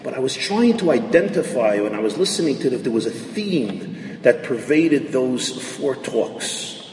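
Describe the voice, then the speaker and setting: A man giving a lecture on Jewish thought, dense with Hebrew and Yiddish terms, swinging from hushed tones to shouted emphasis. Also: medium pitch, lively intonation, unhurried. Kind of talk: lecture to an audience. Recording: echoey hall from far off, faint noise.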